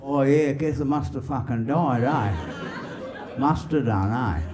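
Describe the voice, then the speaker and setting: A man's voice: medium pitch, slow, close to an everyday voice. A man doing a sheepish dead bloke. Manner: apologetic, sheepish. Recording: live club with crowd laughter.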